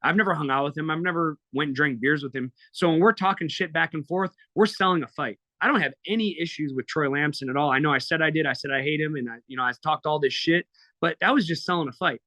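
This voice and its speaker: A fast-talking man in his thirties with a higher, sharp voice is heard with no echo. He's a fighter appearing as a podcast guest, telling stories bluntly and emotionally with plenty of swearing in a candid interview.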